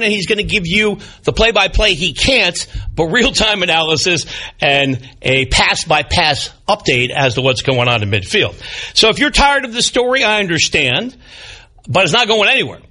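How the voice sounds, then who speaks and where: An older male sports talk host with a bright, forceful voice and a slightly husky edge. He talks with a lively, swooping delivery and rides his pitch up and down. His commentary is opinionated and punctuated with wry jokes at his own expense. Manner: animated, opinionated, with wry self-deprecating asides. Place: broadcast studio. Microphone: studio microphone.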